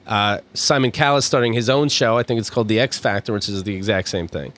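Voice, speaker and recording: A man's voice: on the low side, fast talker, fairly bright tone. A man co-hosting a casual chat, joking and swearing in mock outrage. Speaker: podcast co-host.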